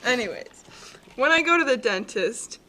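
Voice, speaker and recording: A woman's voice: a little high, lively intonation, normal speed, pushed and bright, a little hiss or hum. A young woman co-hosting a podcast, reading aloud and making wry, teasing remarks between laughs. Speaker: podcast co-host. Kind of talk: casual chat, reading aloud.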